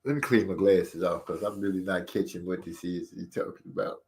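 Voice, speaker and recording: A man's voice: deep voice, fairly even intonation, brisk, a little mellow, a little hiss or hum. A man hosting a casual live stream, joking about himself and reading viewer comments aloud. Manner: joking, self-deprecating, reads chat aloud. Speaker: channel host.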